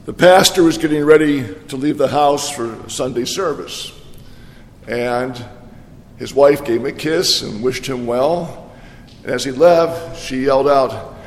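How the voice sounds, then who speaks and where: A man preaching a sermon in a church, telling jokes and voicing the people in them with lively delivery. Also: medium pitch, a little slow. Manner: jokey storyteller, voices the jokes, lively preaching. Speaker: pastor. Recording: echoey hall reverb.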